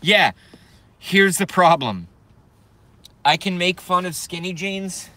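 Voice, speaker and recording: A man's voice: high voice, slow, sharp tone. A young man ranting casually on a live stream, joking, swearing, rambling and answering chat. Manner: profane, rambling, joking, reads chat aloud.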